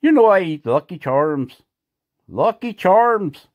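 A man's voice: high-pitched, very animated, slow, highs cut off, pitched above the performer's own voice, heavily acted. A man putting on the voice of a cheery little male leprechaun who answers in a chirpy, matter-of-fact way.

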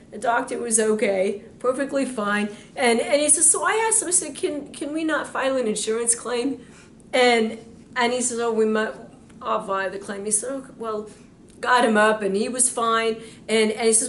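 A woman's voice: a little high, moderate pace. A middle-aged woman minister preaching and telling funny stories with lots of laughter. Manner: animated, laughing storyteller. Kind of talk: sermon storytelling. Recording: echoey room, faint background noise.

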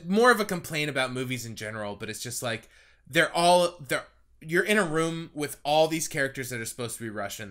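Lively, bright-voiced man chatting casually. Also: medium pitch. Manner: rambling, animated, laughs often. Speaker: podcast co-host. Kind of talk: casual chat.

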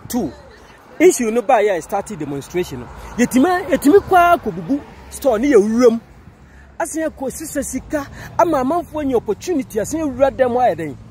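A man's voice: very high-pitched, sing-song, brisk, a little mellow. A man with a Ghanaian accent interviewing someone on the street, mostly giving short murmured prompts. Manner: brief murmured backchannels and prompts. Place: outdoors on a city street. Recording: outdoor street with traffic noise.

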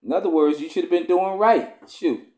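A man's voice: high voice, normal speed, dark tone. A man reading scripture aloud and breaking into casual, slangy commentary. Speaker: scripture reader. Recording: roomy echo.

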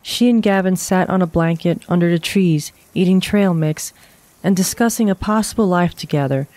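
A woman narrating a horror short story in a calm, even storytelling voice. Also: lowish voice, normal speed, no echo.

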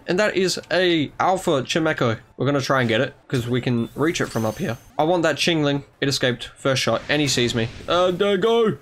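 A young man giving chatty, excitable commentary on his own gameplay, talking to the creatures on screen. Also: a little high, brisk, few pauses. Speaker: gaming YouTuber. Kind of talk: casual let's-play commentary.

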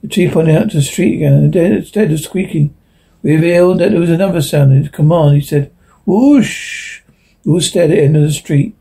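A man's voice: fairly high pitch, fast, gravelly, mellow, slightly rough, poor audio. A man reading a science fiction story aloud, stumbling and restarting now and then. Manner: unpolished reading with slips and restarts. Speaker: narrator.

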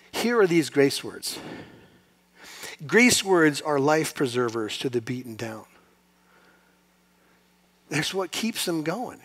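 Impassioned male preacher, slightly high voice. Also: animated, slow, long pauses, breathy edge. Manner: impassioned, rising to loud emphatic peaks; rhetorical questions to the congregation. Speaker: pastor. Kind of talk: sermon.

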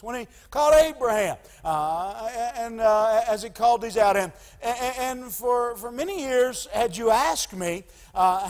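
A man, a pastor delivering a sermon in a halting way, with many pauses and restarts. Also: very high voice, long reverb tail. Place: church sanctuary.

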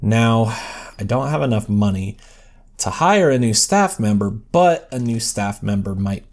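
A man's voice: on the low side, expressive, measured pace. A man giving casual, rambling gameplay commentary as a let's play host, self-deprecating and chatting to the characters on screen.

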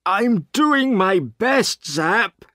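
A man voicing an anxious male park manager who pleads in a high, strained voice, in a storybook reading for English learners. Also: very animated, extremely slow, fairly bright tone, no echo, clean studio sound, full character voice. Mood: pleading.

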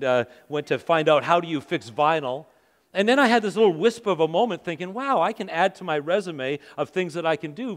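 A middle-aged man who is a pastor, preaching a sermon and telling a personal story, acting out his own thoughts with growing intensity. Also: on the high side. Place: church auditorium. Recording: long hall reverb.

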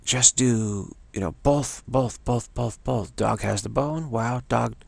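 A man giving a slow, repetitive dharma talk as a spiritual teacher, often restarting and chanting a soft "wow" refrain. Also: medium pitch, no echo. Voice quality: gravelly and husky.

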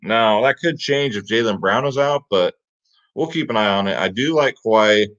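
A fairly low-pitched man with a fairly bright tone and lively intonation talks at a normal speed. He's hosting a fantasy sports picks show, giving a casual, hyped rundown and often repeating "guys" and "get him in there," all in slightly dull lo-fi audio.

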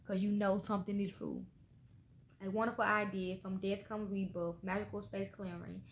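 A woman's voice: mid-range voice, moderate pace. A woman doing a casual tarot reading for viewers, blunt and heavy on swearing, tagging her lines with "okay?". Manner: blunt and profane, swearing often; trails off with repeated "okay?" tags. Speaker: tarot card reader. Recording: echoey room with faint background noise.

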